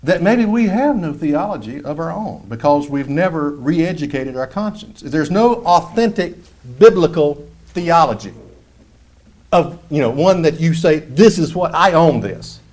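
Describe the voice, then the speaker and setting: A man preaching a sermon in a high voice that leaps up and down through each phrase. He is animated and slips into mocking impressions of churchgoers. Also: unhurried.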